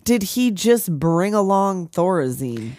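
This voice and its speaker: A woman's voice: on the low side, big pitch swings, slow pace, a little mellow, no room sound, clean studio sound. A woman co-hosting a podcast, chatting casually about a film with wry, sarcastic questions and asides. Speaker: podcast co-host. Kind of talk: casual movie recap chat.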